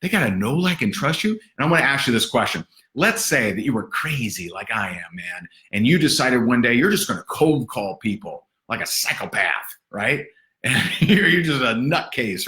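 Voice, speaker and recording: A man giving livestream sales training in an energetic, sarcastic, punchy motivational way. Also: medium pitch. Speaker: network marketing trainer. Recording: roomy echo.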